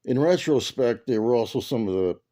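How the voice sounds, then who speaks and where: A man's voice: medium pitch, expressive, brisk, mellow, dry recording, studio quality. A man hosting and reacting to clips in blunt, sardonic casual chat. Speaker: podcast host.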